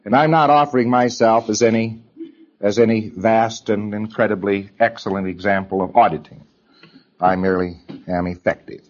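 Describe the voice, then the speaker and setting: A man with a somewhat low voice gives a lecture to trainees, hammering his points home through repetition. He slips into quick mimicry of hesitant speakers along the way. The sound is dull and lo-fi, like an old lecture tape. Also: fairly even intonation. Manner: emphatic, repeats phrases, mimics hesitant people.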